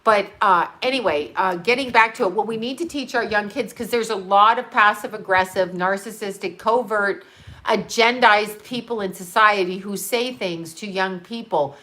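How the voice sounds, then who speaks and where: Middle-aged woman host, casual livestream chat, salty and talkative, mid-pitched. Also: moderate pace, sharp tone. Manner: chatty, swears freely, laughs at own jokes. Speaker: livestream host reading viewer comments.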